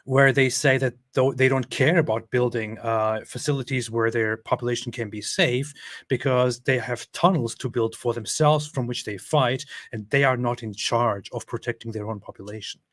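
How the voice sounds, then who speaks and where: A man's voice: mid-range voice, steady tone, moderate pace, a bit bright. A man hosting a reaction commentary, talking in a conversational way with fillers and restarts. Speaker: commentary channel host.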